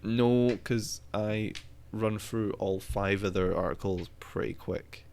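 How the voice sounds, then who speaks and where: A man with a fairly low voice chats loosely on a podcast, opinionated and quick to curse as he rants about what he likes and hates. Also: steady tone, gravelly, darkish tone, a little hiss or hum. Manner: opinionated, swears freely, ranting. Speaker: podcast co-host. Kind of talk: casual podcast chat.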